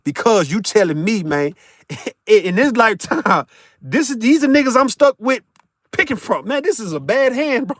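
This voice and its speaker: A man's voice: very high voice, sing-song, normal speed, no room sound, studio quality. A man live-streaming from his vehicle while driving for work, chatting loosely with viewers in a boisterous, profane way and laughing often. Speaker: live streamer talking to chat. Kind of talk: casual live-stream chat.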